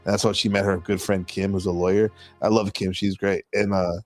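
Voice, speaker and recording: رجل ودود كثير الكلام بصوت منخفض. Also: male voice, low voice, little pitch movement, a little fast, vocal fry, few pauses, a little mellow, faint music behind. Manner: upbeat, chatty, easily amused. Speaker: host. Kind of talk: casual chat.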